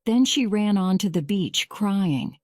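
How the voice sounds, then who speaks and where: A woman voicing a young man being questioned in court, speaking in a slow, measured storybook reading. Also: medium pitch, lively intonation, a little mellow, no echo, clean studio sound. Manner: measured, slow graded-reader delivery.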